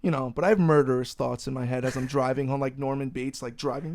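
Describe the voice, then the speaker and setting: A man's voice: medium pitch, expressive, a little fast, few pauses, darkish tone. A young man hosting a casual podcast, ranting animatedly and swearing freely. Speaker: podcast host.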